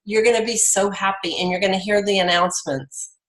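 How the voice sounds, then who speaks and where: A woman's voice: medium pitch, fairly even intonation, fairly quick, roomy sound, rough recording. A middle-aged woman giving a rambling, chatty motivational talk to her team on a video call. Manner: rambling, chatty, full of fillers and restarts. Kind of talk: casual motivational pep talk.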